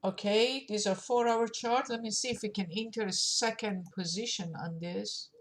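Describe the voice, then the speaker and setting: A woman streaming her forex trades, thinking aloud as she clicks through charts, with many pauses and fillers. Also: medium pitch, steady tone. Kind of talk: live screen-share trading commentary.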